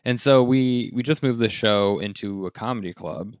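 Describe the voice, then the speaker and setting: A man comedian hosting a casual podcast chat, relaxed and asking questions. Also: medium pitch, normal speed, smooth, dry recording, clean studio sound. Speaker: stand-up comedian and podcast host.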